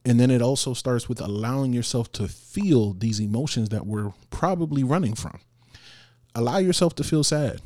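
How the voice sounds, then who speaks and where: A man's voice: medium pitch, moderate pace, warm tone, no echo, clean studio sound. A man hosting a podcast and talking earnestly and encouragingly, often laughing between points and dropping casual slang. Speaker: podcast host. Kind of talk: motivational podcast monologue.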